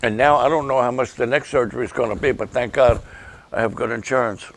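An older man, a pastor, giving an emotional, halting update and prayers for his ministry partners. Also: mid-range voice. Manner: emotional, halting, slow and gravelly.

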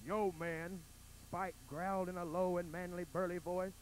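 A man voicing a burly, menacing biker woman with a low, growling, manly voice. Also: level tone, normal speed, slight background noise, close to an everyday voice, rough recording.

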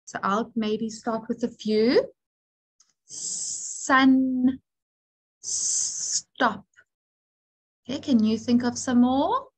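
A woman teacher leads a phonics and handwriting lesson for young children. She speaks slowly and clearly in a somewhat high voice, modelling sounds and inviting them to repeat. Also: low-quality recording. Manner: slow, clear, encouraging call-and-response teaching.

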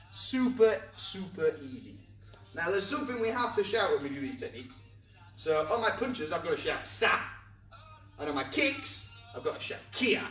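Guy running a kids martial arts class, high lively voice, bouncy and encouraging, kinda far from the mic. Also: moderate pace. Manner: upbeat, encouraging, explains step by step; demonstrates moves while talking. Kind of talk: teaching a kids' martial arts class to camera. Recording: echoey room, from far off, faint music.

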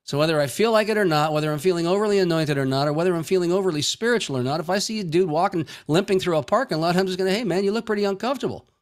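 A man preaching a sermon with a fairly high voice. He jokes with his listeners and acts out casual street conversations in a folksy way. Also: racing, few pauses. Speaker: pastor.

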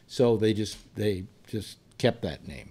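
A man's voice: fairly low pitch, animated, takes it slowly, warm tone, breathy edge. A man in his seventies hosting a casual panel chat, telling long rambling stories from his past. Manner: rambling anecdotal storyteller. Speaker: radio show host.

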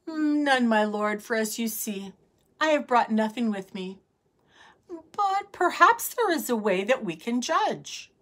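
A calm, clever young princess speaks quietly and humbly, as a woman reads her aloud. Her words come slowly with a lively lilt. A gentle storybook heroine. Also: fairly high pitch, full character voice.

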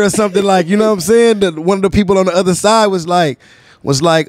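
Male podcast host, higher voice, animated slangy storyteller, dry close sound. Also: quick pace, no room sound. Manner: animated storyteller, heavy slang, acts out quotes. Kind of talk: casual storytelling chat.

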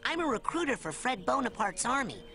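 A determined young hero in a game, animated and fairly high. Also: female voice, brisk, soft background music, full character voice. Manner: eager, cheeky, determined. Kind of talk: video game voice acting.

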